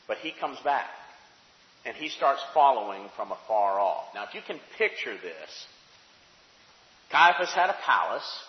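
Male preacher, dramatic storytelling sermon, hushed to fervent, roomy echo, dull lo-fi sound. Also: mid-range voice. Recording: echoey hall, dull sound.

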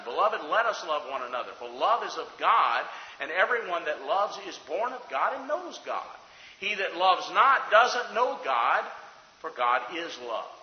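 Male preacher, high lively voice, sermon delivery, loud then hushed, echoey hall, dull sound. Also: a little hiss or hum. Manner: impassioned, swings from loud to hushed.

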